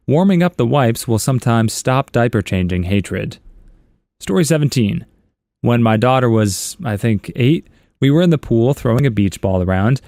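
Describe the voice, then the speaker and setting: A man's voice: medium pitch, a little mellow, no room sound. Wry man reading stories, dry sound. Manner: chuckling, wry asides between stories. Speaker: story narrator. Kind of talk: reading internet stories aloud.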